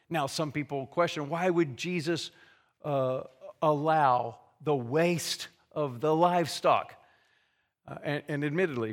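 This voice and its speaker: A male preacher with a voice pitched a little above the usual for a man. He explains scripture earnestly and conversationally, often restarting his phrases and dropping in casual asides. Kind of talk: expository sermon.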